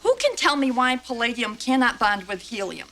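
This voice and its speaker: Prim, condescending teacher. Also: female voice, on the high side, sing-song, normal speed. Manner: sugary classroom politeness with a snide edge. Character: prim, condescending schoolteacher of gifted girls. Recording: sitcom with loud studio audience laughter.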